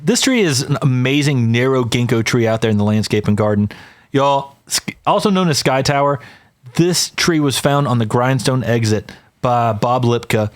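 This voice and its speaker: A man's voice: medium pitch, lively intonation, moderate pace. A man co-hosting a podcast, talking casually and with enthusiasm, who says "y'all" to listeners. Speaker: podcast co-host.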